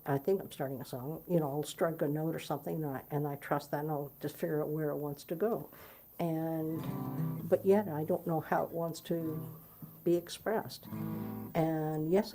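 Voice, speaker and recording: A woman musician talking casually to her viewers, rambling and earnest, with many fillers and restarts. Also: deep voice. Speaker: musician promoting her concert. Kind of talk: casual talk to camera.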